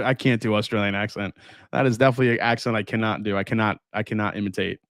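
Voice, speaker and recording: Sipping whiskey on his livestream, this male host chats casually through viewer comments, loose and talkative, with plenty of fillers and false starts. He has a fairly low pitch and quick pace, captured on a dry close mic without room sound.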